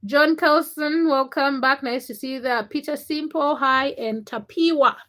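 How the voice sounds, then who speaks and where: A woman's voice: sits high, unhurried, a bit bright. A young woman hosting a casual livestream, greeting viewers by name between stretches of personal storytelling. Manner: reads viewer names and greets them, then tells a personal story. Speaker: livestream host.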